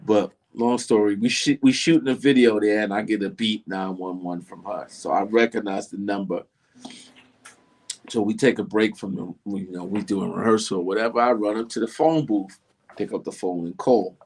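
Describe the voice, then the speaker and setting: In a casual interview, a middle-aged male guest recounts a story at normal speed in a lowish voice. He brings it to life animatedly by performing the voices of its characters.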